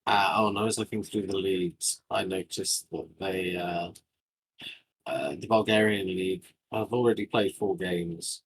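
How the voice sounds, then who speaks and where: A man chatting casually on a podcast, halting and hesitant, with many pauses while he searches for words. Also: low-pitched, husky, poor audio. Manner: halting, full of filler sounds and restarts. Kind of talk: casual chat.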